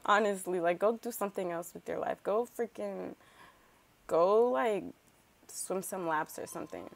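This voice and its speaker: A talkative woman doing casual gameplay commentary at a middling pitch. She rambles and fills her talk with asides and quick remarks to the characters on screen. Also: gravelly, dry recording. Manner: chatty, filler-heavy, rambling asides; animated, talks back to game characters. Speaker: let's play host.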